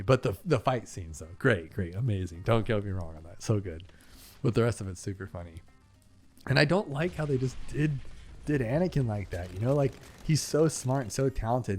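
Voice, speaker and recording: A young man hosting a gaming channel rambles through his gameplay in a lowish voice with a darkish tone. His talk is chatty and loose, thick with fillers and asides.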